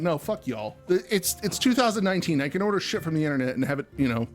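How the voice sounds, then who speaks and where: Fired-up, cursing man, raised pitch. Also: quick pace, faint music behind. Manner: heated profane ranting storyteller. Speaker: podcast co-host. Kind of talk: casual chat.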